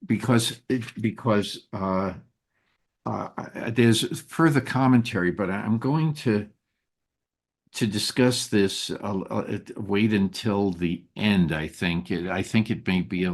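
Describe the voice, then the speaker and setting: A man leading a group Torah study who is slowly losing his voice, talking in a halting way with many fillers and restarts. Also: deep voice. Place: synagogue study room.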